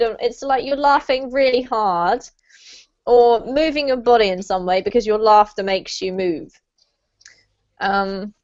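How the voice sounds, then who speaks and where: A woman teaching an online English lesson, encouraging and patient, laughing often as she explains. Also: high voice. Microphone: video call. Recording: muffled online call audio.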